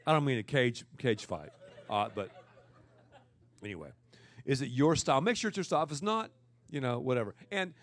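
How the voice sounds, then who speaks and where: A man preaching at a conference in a playful, animated way, laughing often and repeating words as he talks. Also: medium pitch, a little fast, pauses often. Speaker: guest preacher. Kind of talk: humorous conference talk.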